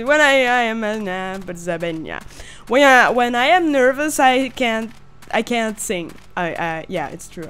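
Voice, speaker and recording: High-voiced woman joking through a horror game. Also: fairly bright tone. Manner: jokey, swearing, shrieks when scared. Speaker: gameplay video host. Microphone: headset or desk mic.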